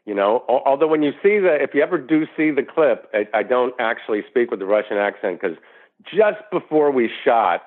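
A middle-aged actor talking as an interview guest, rambling through anecdotes with lots of "you know" restarts. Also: male voice, medium pitch, expressive, fairly quick. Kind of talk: casual interview storytelling. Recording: tinny phone line.

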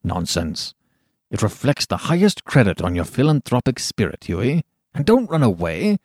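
Breezy, mocking young gentleman painter read by a man; lively swoops of pitch. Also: normal speed, no echo, clean studio sound. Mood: teasing. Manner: teasing, breezy, given to laughter. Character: amused worldly young male painter.

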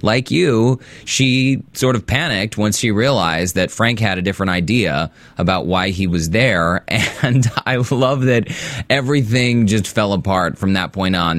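Male podcast co-host, lower voice, casual and chatty, dry close mic. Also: a bit bright, dry recording. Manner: chatty, laughs often. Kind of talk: casual TV recap chat.

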